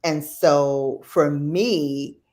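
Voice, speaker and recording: A woman with a low, even voice chats casually as a guest on a live stream. She tells her stories in a loose, reflective way, full of fillers and asides. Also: extremely slow. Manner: rambling, reflective storytelling with fillers.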